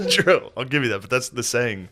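A man's voice: medium pitch, noisy background. A young man hosting a casual chat, telling family stories with lots of swearing and frequent laughter. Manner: animated storytelling, profane, laughs often. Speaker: podcast co-host.

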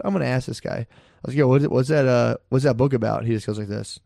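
A man's voice: mid-range voice, racing, vocal fry, dark tone, dry recording, clean studio sound. A young man chatting casually on a podcast, telling rambling stories with lots of swearing and acted-out quotes. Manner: laid-back, swears a lot, acts out quotes. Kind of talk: casual podcast chat, storytelling.

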